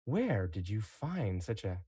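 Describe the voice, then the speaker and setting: A man voicing a sinister male inquisitor in a tabletop game, with slow, soft, mocking courtesy. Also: fairly low pitch, sing-song, slightly rough, no echo, exaggerated voice. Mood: silky menace. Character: sinister male inquisitor, smoothly polite and menacing.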